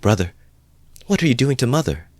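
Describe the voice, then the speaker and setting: A man with a very deep voice reading, lifting his pitch to voice an indignant young woman confronting her brother. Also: very animated, moderate pace, no echo, studio quality. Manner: sharp, raised voice.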